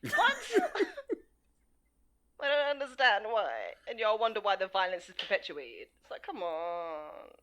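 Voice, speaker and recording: A woman with an English accent, co-hosting a podcast in casual chat, blunt and animated, swearing freely. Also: mid-range voice, moderate pace. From England. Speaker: podcast co-host.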